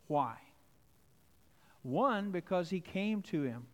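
A man preaching a sermon, swinging between hushed and emphatic delivery. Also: fairly high pitch, unhurried. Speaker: pastor. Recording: long hall reverb.

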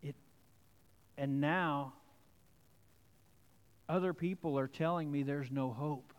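Man, pastor preaching a sermon, fairly high voice, dramatic shifts from soft to emphatic, long hall reverb. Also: takes it slowly.

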